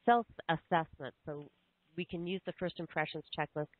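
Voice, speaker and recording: A woman podcast host asking questions in a phone interview, halting with fillers and restarts. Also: sits low, no echo. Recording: tinny phone line, dry.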